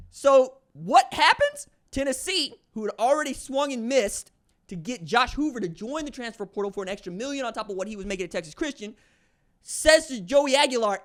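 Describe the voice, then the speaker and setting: A man's voice: very high voice, moderate pace. A man hosting a solo podcast, talking in an emphatic, slangy way and acting out what other people say. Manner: animated, emphatic, slangy, acts out quoted voices. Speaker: podcast host.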